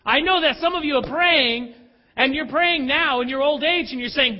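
Male pastor, very high voice, emphatic confessional preaching, echoing hall. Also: animated, moderate pace, muffled recording. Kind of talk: sermon.

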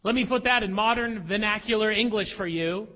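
A man preaching a sermon, animated and dramatic as he tells stories to a church. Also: sits high, a little fast. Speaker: pastor. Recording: dull audio with long hall reverb.

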